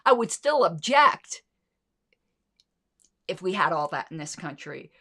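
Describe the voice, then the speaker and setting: A woman's voice: lowish voice, sing-song, measured pace, a bit bright. A woman hosting a casual livestream, talking through her notes with frequent restarts and fillers. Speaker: show host.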